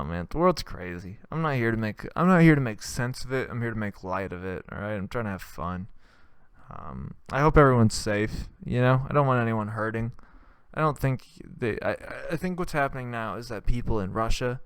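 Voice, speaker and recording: A man's voice: medium pitch, smooth, no echo. A man hosting a podcast, delivering a rambling, profane comedic monologue in which he acts out scenes. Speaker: podcast host.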